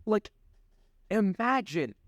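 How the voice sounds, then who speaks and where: A young man co-hosting a podcast in casual chat, rambling and halting, swearing freely. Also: sits high, sing-song, no room sound, clean studio sound. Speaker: podcast co-host.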